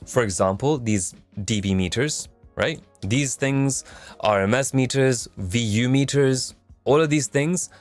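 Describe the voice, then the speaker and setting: A young man hosting a music production stream, casually reading a technical document aloud and explaining it in plain words to his viewers. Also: fairly low pitch. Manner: chatty, asks the audience, reads aloud then paraphrases.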